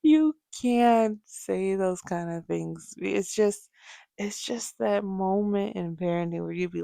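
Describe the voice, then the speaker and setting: A young adult woman hosting a casual podcast, telling parenting stories with lively asides. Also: mid-range voice, slow, creaky, dry recording, clean studio sound. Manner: animated storytelling, acts out quoted voices. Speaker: podcast host.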